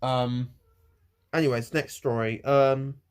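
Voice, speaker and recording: A young man ranting to camera in a rambling, halting way, swearing freely. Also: medium pitch, fairly even intonation, clear, resonant tone. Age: young adult. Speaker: vlogger. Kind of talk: casual rant to camera.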